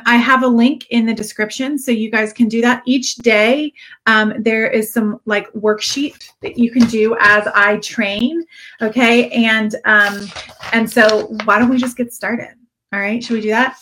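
A woman's voice: on the high side, fairly bright tone. A woman giving an earnest, encouraging live-stream coaching talk to her direct sales audience, repeating key phrases for emphasis. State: briefly teary-eyed.

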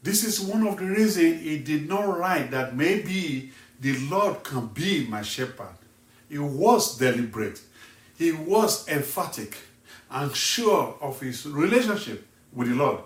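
A male evangelist from Nigeria preaching a sermon slowly and emphatically, asking the listener pointed questions. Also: fairly high pitch, lively intonation, far from the mic. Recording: echoey room, voice set back from the mic.

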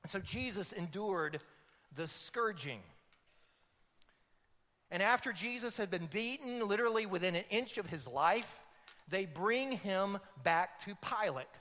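A man preaching a sermon, dramatic and building to loud emphatic peaks. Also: high voice, lively intonation, a little slow, long reverb tail. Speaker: pastor.

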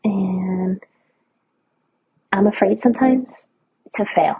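Breathy woman in a candid, profane monologue. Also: mid-range voice, slow, dark tone, no room sound, muffled recording. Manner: candid and profane, often laughing, asks "right?". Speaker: podcast host. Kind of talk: casual spiritual monologue.

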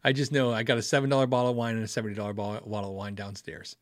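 A man's voice: fairly low pitch, level tone, very fast, no room sound, studio quality. A middle-aged man hosting a casual livestream, rambling through a story with self-corrections and chuckles, then answering chat. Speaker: livestream host reading chat.

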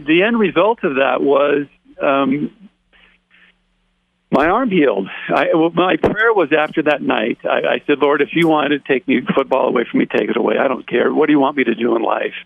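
Gravelly man telling his story by phone. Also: medium pitch, no room sound. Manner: animated, acts out quoted dialogue. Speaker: interview guest. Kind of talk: personal testimony storytelling. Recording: tinny dry phone line.

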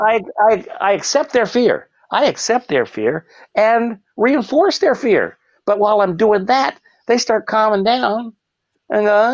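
A professional clown, appearing as a guest, tells stories in a casual interview, animated and quick to laugh, jumping into high shouted voices when quoting people. The recording has no room sound and its highs are cut off.

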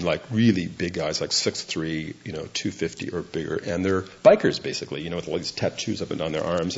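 An older man, a Zen monk giving a dharma talk, speaks in a low-pitched, slightly mellow voice. He tells a group a rambling, self-deprecating story, laughing through the funny parts. The recording is dull and lo-fi.

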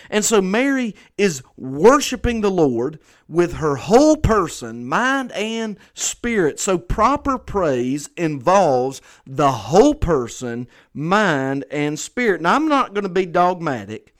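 A pastor delivering a conversational sermon, earnest and repeating phrases for emphasis. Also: male voice, fairly high pitch.

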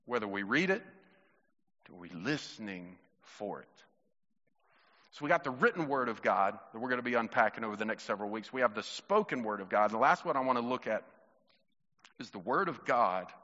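A man's voice: fairly low pitch, animated, normal speed, pauses often, pushed and bright, big-room sound, dull audio. A man preaching a sermon, talking to the congregation in a casual, conversational way and telling stories from family life. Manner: conversational, storytelling, addresses congregation directly. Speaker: pastor.

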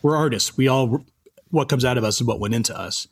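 A man's voice: medium pitch, brisk, breathy edge. A middle-aged man from Canada, a film composer, telling stories from his career in a casual interview and acting out the lines of the people in them. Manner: animated, acts out quoted dialogue.

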